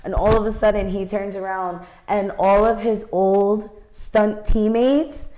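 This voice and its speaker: A woman's voice: medium pitch, steady tone, measured pace, warm tone. A woman co-hosting a casual podcast, telling a long story in a rambling way, full of fillers and restarts. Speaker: podcast co-host. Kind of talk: casual chat. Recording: roomy echo.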